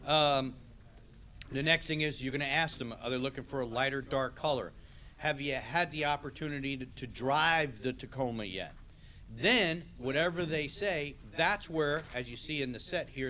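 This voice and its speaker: A man's voice: medium pitch, pushed and bright. A man teaching a sales training class in a casual lecture style, often checking in with "okay?".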